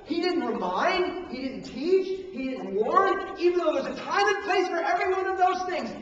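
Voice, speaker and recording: A pastor preaches an animated sermon on parenting in a very high-pitched voice at a moderate pace, acting out scolding parents and coaches, then dropping to hushed emphasis. A handheld camcorder captures him from across an echoey hall, so the sound is distant and dull.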